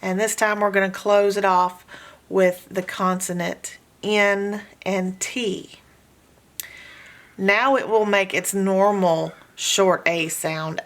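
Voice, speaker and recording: A woman's voice: mid-range voice, steady tone, slow, fairly bright tone. A woman teaching a phonics lesson, patiently sounding out letters and words in repeated drills. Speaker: homeschool reading teacher.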